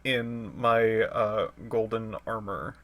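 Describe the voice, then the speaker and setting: A man's voice: lowish voice, steady tone, takes it slowly, a bit bright. A man playing a tabletop game, talking hesitantly and laughing between his words. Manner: hesitant, giggly. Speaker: player.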